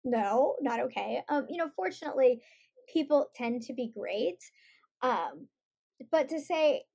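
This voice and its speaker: A middle-aged woman, a guest on a podcast, telling stories in a lively way and acting out the voices she quotes. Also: sits high, unhurried, gravelly. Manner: animated storytelling, acts out quoted voices. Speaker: guest, author and parent. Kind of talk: conversational podcast interview.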